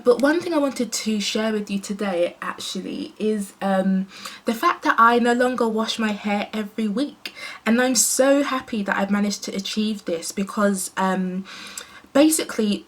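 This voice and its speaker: A woman from the UK chatting casually while doing her hair, with many fillers and self-corrections. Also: mid-range voice. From United Kingdom. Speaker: hair vlogger. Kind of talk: casual rambling chat.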